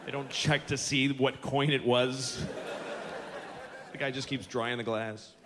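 A man in his forties doing a stand-up comedy routine, ranting with profanity and slipping into quick character voices. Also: mid-range voice, steady tone, very noisy. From United States. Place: large theater on stage. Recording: live theater with hall reverb and crowd laughter.

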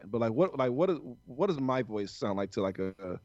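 A man's voice: medium pitch, big pitch swings, brisk, darkish tone, dry recording. A man from the United States, co-hosting a podcast in casual chat, rambling and swearing a lot. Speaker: podcast co-host. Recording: dull lo-fi sound, dry.

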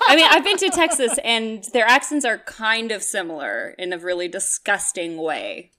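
A woman co-hosting a casual podcast chat, opinionated and quick to argue a point. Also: mid-range voice, expressive, sharp tone. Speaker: podcast co-host.

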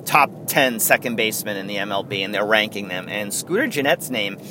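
A man hosts a casual sports podcast, thinking out loud and correcting himself as he goes. His pitch swings about freely and with energy. A faint hum of background noise sits under his voice. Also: lively intonation, a little fast. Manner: rambling, self-correcting, chatty. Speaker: podcast host.

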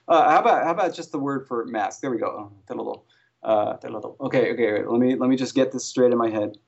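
A man's voice: medium pitch, quick pace, vocal fry, husky. A man who consults on invented alien languages for a TV series, answering interview questions casually with many restarts and fillers. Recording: dull lo-fi sound.

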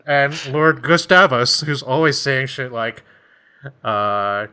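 A man's voice: mid-range voice, slow pace, sharp tone. A man in casual conversation retelling a book's plot, rambling along with frequent laughs and acted-out bits. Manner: rambling, laughs often, acts out voices. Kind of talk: casual chat.

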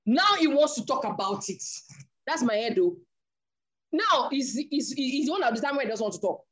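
A woman, preaching with animated storytelling. She acts out the dialogue as she tells it, and her voice sits a little high. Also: moderate pace, husky. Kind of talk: sermon storytelling.

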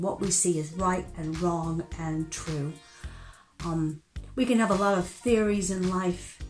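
A middle-aged woman from Chicago with a mixed American and British accent, giving earnest, gentle Christian teaching straight to camera. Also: lowish voice. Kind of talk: direct-to-camera faith teaching.

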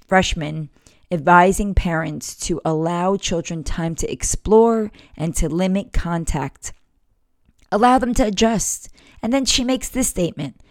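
A woman's voice: on the low side, a little mellow, dry recording, studio quality. A woman in her forties hosting a parenting podcast, telling a personal story candidly in a casual, heartfelt monologue. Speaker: podcast host.

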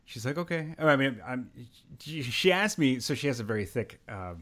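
Animated man chatting with lively pitch. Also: fairly quick. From Pennsylvania. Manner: animated, ranting, laughs often. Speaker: podcast host. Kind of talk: casual chat. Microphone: headphones on, video call.

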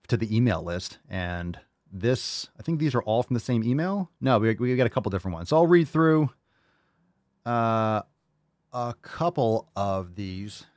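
A man's voice: lowish voice, a little mellow, no room sound, studio quality. A man hosting a casual fitness podcast, reading listener posts and answering with blunt, profane tough-love rants. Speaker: podcast host.

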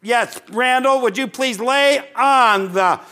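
A man's voice: very high voice, slow pace, background noise. A man preaching a sermon, folksy and joking, often restarting his sentences. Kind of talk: sermon with live illustration.

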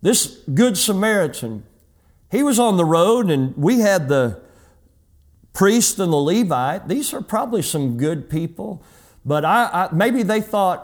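A middle-aged pastor preaching a sermon and telling a personal story, acting out the dialogue in changing voices. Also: male voice, sits high, sing-song, unhurried.

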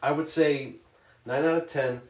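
A man's voice: fairly high pitch, unhurried, far from the mic. A man co-hosting a podcast, telling stories in a casual, profane way and acting out the scenes. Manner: profane, animated storyteller who acts out scenes. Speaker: podcast co-host. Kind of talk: casual chat. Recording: roomy echo.

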